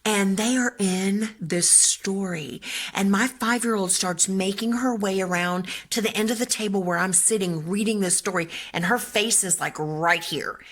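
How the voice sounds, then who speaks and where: An older woman, a children's book author and grandmother, telling a lively story in casual talk and acting out voices as she goes. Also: mid-range voice, moderate pace. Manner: animated, chatty, acts out voices.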